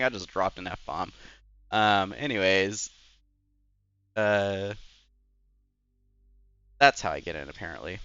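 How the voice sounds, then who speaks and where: A man's voice: low-pitched, slow, long pauses, pushed and bright, clean tone, no echo, dull audio. A young man who is a Twitch streamer, rambling in casual chat while gaming and filling his talk with "like" and "anyways.". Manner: rambling and chatty, full of "like" and "anyways".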